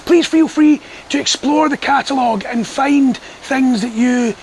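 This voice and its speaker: A man who trains dogs, explaining training methods to the camera in a calm, measured, firm way. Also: extremely high pitch, a little hiss or hum, poor audio. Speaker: dog trainer. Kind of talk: instructional talk to camera.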